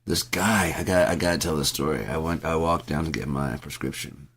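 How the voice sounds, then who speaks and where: Deep-voiced man ranting in a rambling vlog. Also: fairly even intonation, a little fast, a bit bright, slightly rough. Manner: profane, ranting, rehearsing an argument aloud; rambling with many restarts. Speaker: vlogger.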